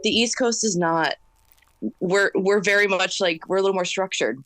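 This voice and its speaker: A woman in her thirties, a singer-songwriter guest, talking fast and intensely in a casual interview. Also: medium pitch, music in the background. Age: 30s. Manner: fast, intense, animated talker.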